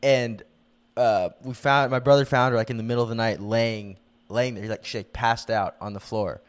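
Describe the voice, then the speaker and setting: A man's voice: mid-range voice, steady tone, normal speed. A young man co-hosting a podcast, telling a story in casual chat, laughing often and saying "dude" and "like" a lot. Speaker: podcast co-host.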